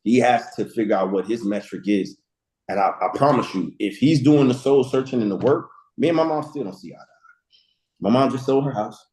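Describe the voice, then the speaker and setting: A man in his forties, a guest speaker, telling lively stories with casual slang and acted-out quotes. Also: mid-range voice, normal speed, echoey room, low-quality recording. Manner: storytelling with slang, acts out quotes. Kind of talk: animated motivational talk.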